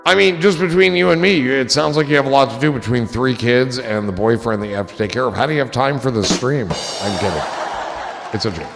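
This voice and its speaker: Gravelly man chatting on a livestream. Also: mid-range voice, fairly quick, in a large hall, over music, crowd noise. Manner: joking, rambling, swears casually. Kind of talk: casual livestream chat.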